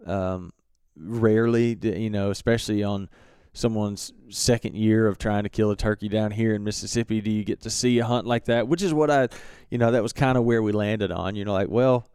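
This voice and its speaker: Low-voiced man telling a hunting story. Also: smooth, dry recording, clean studio sound. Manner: relaxed, halting, many fillers and restarts. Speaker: turkey hunter recounting a hunt. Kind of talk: casual storytelling.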